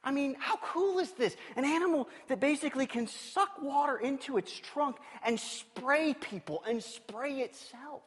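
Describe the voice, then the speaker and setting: A male pastor preaching a sermon, animated and playful, telling stories and asking the congregation questions. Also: very high-pitched, measured pace, few pauses. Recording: long reverb of a large hall.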